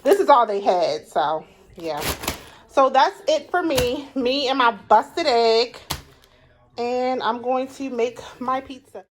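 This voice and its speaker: Woman vlogger, casual home haul chat, voice a touch high, faint noise behind. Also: lively intonation. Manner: chatty, repeats herself, quick to get annoyed.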